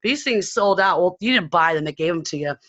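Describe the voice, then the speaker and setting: A woman's voice: on the low side, lively intonation, a little fast, a bit bright, dry recording. A woman from San Diego sharing a bubbly, rambling recap of a convention on a video call. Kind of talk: excited casual chat on a video call. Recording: dull, dry video call audio.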